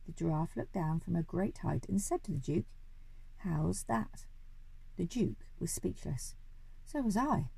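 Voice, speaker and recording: Low husky woman reading a storybook. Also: moderate pace, no room sound, poor audio. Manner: expressive, with small slips and self-corrections. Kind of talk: reading a children's story aloud.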